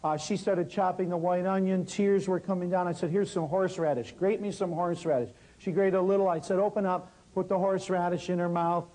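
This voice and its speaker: A man's voice: sits high, brisk, hardly any pauses, poor audio. A man teaching a natural healing workshop, telling a story and talking straight to his audience. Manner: lively, talks straight to the audience.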